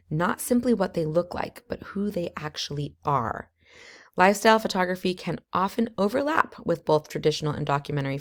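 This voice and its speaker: Low-voiced woman teaching newborn photography. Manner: earnest, conversational, with casual asides. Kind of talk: course lesson.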